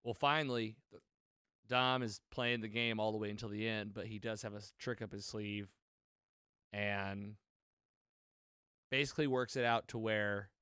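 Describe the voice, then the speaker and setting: A man's voice: fairly low pitch, normal speed, long pauses, clean tone, dry recording, studio quality. Man animatedly recapping a movie plot. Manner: rambling, animated retelling with quoted lines and self-corrections. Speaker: podcast co-host. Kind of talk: casual movie recap chat.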